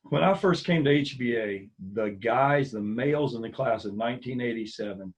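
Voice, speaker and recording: Middle-aged man, from the US mainland, casual storytelling, mid-pitched voice, acts out quoted dialogue. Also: normal speed, low-quality recording. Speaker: former school ministry coordinator, interview guest.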